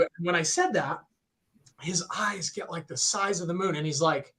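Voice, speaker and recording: A young man, pitched a bit high, tells a fan story on a music podcast in a loose, chatty way. He gets animated and acts out quotes, with lots of "like" and "right?" along the way. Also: normal speed. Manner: excited, animated retelling with many fillers. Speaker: podcast co-host. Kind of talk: casual storytelling on a livestream.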